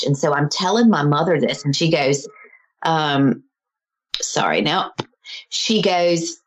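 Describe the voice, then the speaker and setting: A woman's voice: low voice, slow pace, lo-fi sound. A middle-aged woman, a healer, earnestly telling a personal story in conversation and acting out the voices of the people in it. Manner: earnest, animated, acts out quoted voices.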